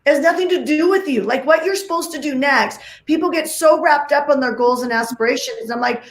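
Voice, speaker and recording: Emphatic high-voiced woman, echoey call. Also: a little fast, few pauses. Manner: emphatic, repeats phrases, many "like"s. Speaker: guest speaker. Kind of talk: energetic summit talk. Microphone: video call.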